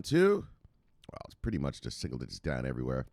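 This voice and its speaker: A man's voice: a bass voice, wildly swooping pitch, quick pace, creaky, darkish tone, dry recording. A man hosting a casual crypto news show, playful and loose, chanting sing-song refrains and swearing freely. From United States. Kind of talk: casual market commentary.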